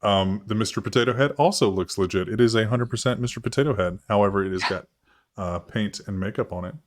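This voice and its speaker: A man's voice: fairly low pitch, fast talker. A man running a tabletop role-playing game as game master, narrating in a loose, rambling way full of fillers and casual swearing.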